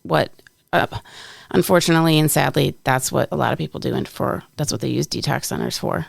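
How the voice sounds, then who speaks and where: A woman co-hosting a podcast in a casual chat, earnest and plainspoken, with a gravelly voice. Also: deep voice, fairly quick, dry recording, studio quality. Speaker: podcast co-host.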